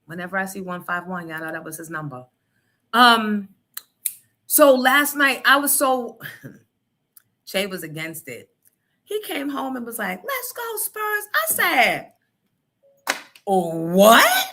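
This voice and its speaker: A middle-aged woman with a New York accent, hosting a live stream and telling stories in a loud, playful, swearing chat with viewers. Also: mid-range voice, big pitch swings, a little slow, pauses often.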